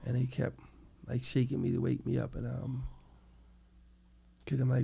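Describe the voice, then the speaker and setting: New york guy, middle-aged, super gravelly fry voice, tells it animated and casual. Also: mid-range voice, moderate pace. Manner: animated storytelling, acts out quoted people. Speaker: interview guest. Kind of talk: casual storytelling interview.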